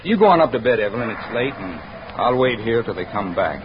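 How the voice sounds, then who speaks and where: An actor playing an earnest painter husband in 1940s radio-drama style. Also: male voice, lowish voice, very animated, brisk, slight background noise. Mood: uneasy. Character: painter husband, eager then weary. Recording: dull lo-fi old radio recording.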